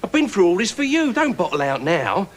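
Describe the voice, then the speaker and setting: A cheeky, wry petty thief. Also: male voice, high voice, big pitch swings. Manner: wry, cheeky, quick with a comeback. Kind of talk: 1980s sitcom acting.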